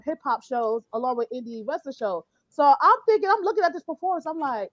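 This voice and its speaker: High-voiced lady co-host going off on a rant, cussing, super animated. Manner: animated ranting, swears. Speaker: podcast co-host. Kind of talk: casual chat.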